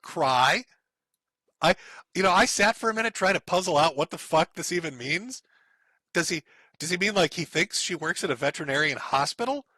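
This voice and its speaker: A man's voice: high voice, animated, a little fast, pushed and bright, no room sound, rough recording. A man streaming, giving sarcastic, profane commentary while reading out posts and chuckling often.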